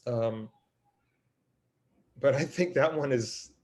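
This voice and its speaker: Slow and medium-pitched with a darkish tone, a podcast co-host who is also a musician talks casually about songs he likes. He's enthusiastic yet hesitant, with many ums and restarts.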